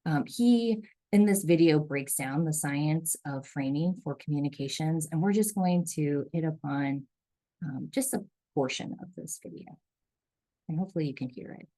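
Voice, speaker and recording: A woman leading an online workshop, relaxed, with frequent ums, heard over a video call. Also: sits low, moderate pace, no echo, rough recording. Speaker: workshop facilitator.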